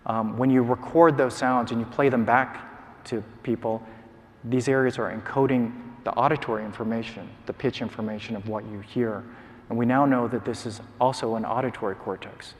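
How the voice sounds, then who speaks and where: A man's voice: mid-range voice, fairly even intonation. Man lecturing in a reverberant hall. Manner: measured, explanatory, with frequent ums and uhs. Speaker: neuroscientist giving a prize lecture. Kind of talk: academic lecture. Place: large conference hall.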